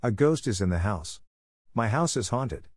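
A man narrating a children's novel aloud in steady storytelling fashion. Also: fairly low pitch, normal speed, dry recording, clean studio sound. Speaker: audiobook narrator.

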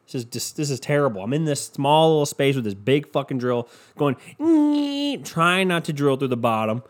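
A young man hosts his own podcast, speaking briskly at a medium pitch. He tells stories in a loose, rambling way, packed with swearing and crude comedy.

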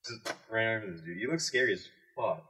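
Young man, low and husky, relaxed matter-of-fact delivery, slightly off-mic. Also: a little fast, far from the mic, poor audio. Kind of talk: casual chat among friends.

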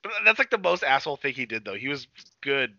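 Animated, bright-voiced man chatting. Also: medium pitch, fast, no room sound, muffled recording. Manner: animated, swearing, acts out quotes. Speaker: podcast co-host. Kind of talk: casual movie chat.

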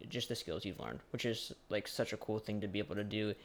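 A young adult man with a lowish voice talks fast while interviewing a fellow student in casual chat. He rambles and searches for words, saying "like" a lot, over a little hiss or hum.

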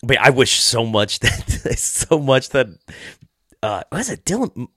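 A man's voice: mid-range voice, big pitch swings, a little slow, a bit bright, husky, no room sound. Man, young adult, podcast host, casual storytelling, swears a lot, laughs often, dry sound. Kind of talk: casual chat.

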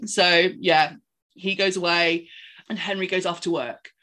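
A woman, chatting casually as a podcast co-host and retelling a film in an animated, rambling way. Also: on the low side, a little slow. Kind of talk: casual chat recapping a film.

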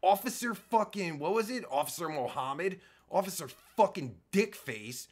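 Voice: medium pitch, expressive, moderate pace, slightly rough. A reaction-video host giving angry, profane commentary, ranting and swearing constantly.

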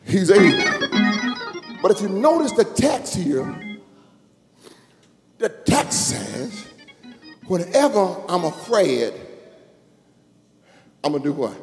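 Preacher, man, high lively voice swooping into sung shouts, recorded in a reverberant church with music behind. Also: slow, vocal fry, pauses often. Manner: call-and-response preaching, building to sung shouts. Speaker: bishop preaching. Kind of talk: sermon. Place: church sanctuary. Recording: echoey church hall with music.

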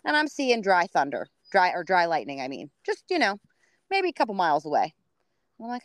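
A woman co-hosting a podcast, telling a story in casual chat, swearing freely and acting out quotes in a high voice. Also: huge pitch swings, a little fast, dry recording. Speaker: podcast co-host.

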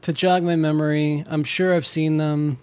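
A man co-hosting a casual chat, talking haltingly with many restarts. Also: a little high, level tone, a little mellow, clear, resonant tone, no room sound. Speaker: podcast co-host.

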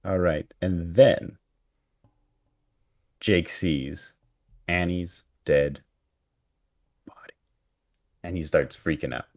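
A man's voice: low-pitched, extremely slow, pauses often. A man co-hosting a podcast in casual chat, recapping a show with wry, sarcastic asides. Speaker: podcast co-host.

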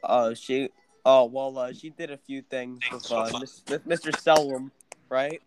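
A man's voice: medium pitch, steady tone, a little slow, over music. A young man hosting a podcast, announcing topics and teasing his guests with crude jokes. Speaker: podcast host. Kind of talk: casual podcast banter. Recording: noisy background hiss.

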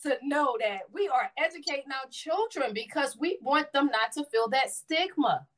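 A woman's voice: sits high, moderate pace, a loud crowd. A woman in her forties, co-hosting a casual chat, telling stories and acting out what people said to her. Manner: animated storyteller, acts out quotes. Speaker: podcast co-host.

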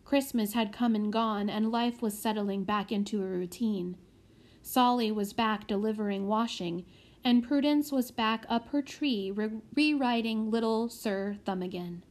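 A woman narrating a children's audiobook in a measured way. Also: medium pitch, darkish tone. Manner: measured, with small slips corrected.

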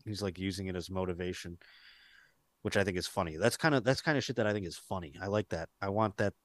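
A man's voice: deep voice, fast talker, no echo. A man co-hosting a podcast in loose, profane, rambling casual chat, often acting out quotes. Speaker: podcast co-host.

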